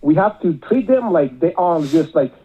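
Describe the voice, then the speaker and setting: A man's voice: a little high, expressive, normal speed, breathy edge. A male caller, rambling with many filler words, heard over a phone line. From Miami area.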